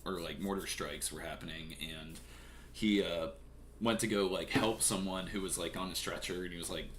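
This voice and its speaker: A man's voice: low-pitched, steady tone, normal speed, fairly bright tone, slight background noise. A young man casually reading and commenting on the news, profane and rambling with lots of fillers.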